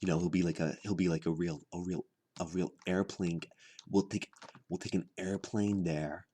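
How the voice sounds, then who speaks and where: A man doing a rambling deadpan comedy monologue, halting and repeating his words with lots of fillers. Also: sits low, a little hiss or hum. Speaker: comedy vlogger.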